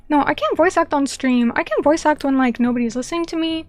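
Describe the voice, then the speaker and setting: A woman's voice: high voice, lively intonation, fast, hardly any pauses, faint music behind. A young woman chatting casually on a stream, reading viewer comments and rambling with lots of filler words and restarts.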